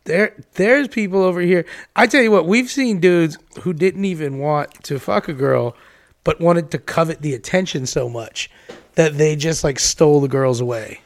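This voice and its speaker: A man's voice: a little high, normal speed, no echo. A man co-hosting a casual chat, teasing his friend and laughing often. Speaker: podcast co-host.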